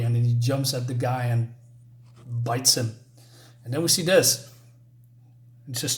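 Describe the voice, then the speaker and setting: A man's voice: medium pitch, measured pace, long pauses, reverberant. Man musing through a comic retelling. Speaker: comic book reviewer. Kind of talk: casual comic read-through and commentary.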